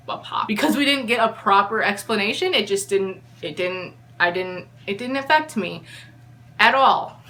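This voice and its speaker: A woman's voice: medium pitch, pushed and bright. A woman giving an exasperated, opinionated review of a book in a casual vlog.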